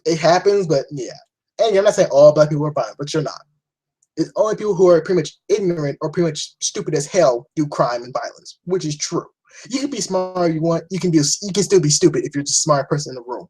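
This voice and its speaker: A man's voice: on the high side, expressive, quick pace, darkish tone, husky, low-quality recording. A young man giving a rambling, blunt opinion rant to camera, swearing often and restarting his sentences. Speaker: vlogger.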